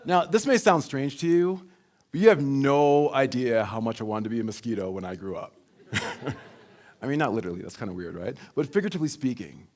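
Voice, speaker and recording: A man giving a motivational keynote, telling a personal story in a lively way and acting out quoted lines. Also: medium pitch. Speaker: keynote speaker.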